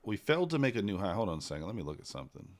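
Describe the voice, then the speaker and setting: A man giving casual live commentary while trading, thinking out loud in an unhurried, low-key way. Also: sing-song, heavy background noise. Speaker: livestreaming futures trader.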